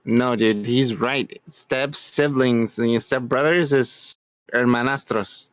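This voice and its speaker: A man's voice: medium pitch, takes it slowly, no echo. A man co-hosting a podcast, laid-back and dry as he corrects and needles his partner. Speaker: podcast co-host. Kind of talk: casual podcast banter.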